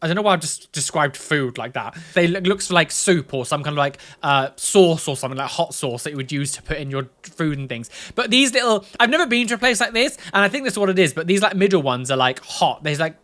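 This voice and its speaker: A woman's voice: sits low, lively intonation, quick pace, few pauses, fairly bright tone. A young woman giving rambling, chatty reaction commentary on video clips.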